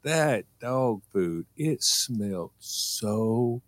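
Casual male radio regular, rambling storyteller, very lively pitch, dry close sound. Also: extremely slow, no room sound. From rural United States. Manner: animated, rambling anecdotes with self-corrections.

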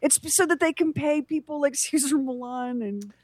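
A woman co-hosts a casual podcast with an animated, joking delivery. She pokes fun at herself and riffs freely. Her voice is close and dry with no room sound. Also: high-pitched, normal speed, dry recording. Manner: animated, joking, self-deprecating. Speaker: podcast co-host. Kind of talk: casual chat.

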